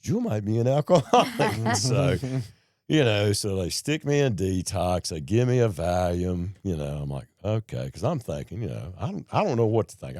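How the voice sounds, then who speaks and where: Deep, mellow man telling stories. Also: no echo, studio quality. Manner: folksy, animated storyteller acting out quoted people. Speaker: podcast guest telling his recovery story. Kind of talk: casual storytelling conversation.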